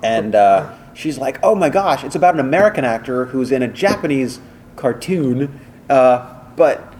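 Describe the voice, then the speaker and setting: An animated man rambles through studio anecdotes as a podcast guest, his voice sitting at an ordinary middle pitch. He piles up fillers and restarts, and a light hiss of noise sits under the recording. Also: normal speed. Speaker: voice director and voice actor guest. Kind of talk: casual podcast interview storytelling.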